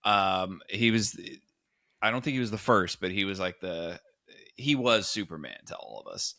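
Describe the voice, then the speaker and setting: Brief: male podcast host, animated storyteller, bright tone, dry close sound. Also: low-pitched, moderate pace, dry recording. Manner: animated storyteller, acts out quotes. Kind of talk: casual chat, storytelling.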